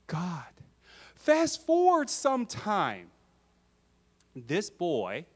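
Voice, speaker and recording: A man preaching a sermon to children, lively and full of questions to the kids in a church. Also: fairly high pitch.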